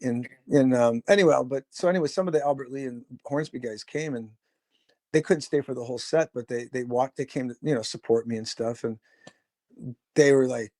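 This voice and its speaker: A man's voice: medium pitch, a little fast, warm tone, dry recording, clean studio sound. Rambling, swearing man telling band stories. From Chicago. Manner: rambling, swears freely, acts out quoted voices. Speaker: podcast guest, musician. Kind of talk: casual storytelling interview.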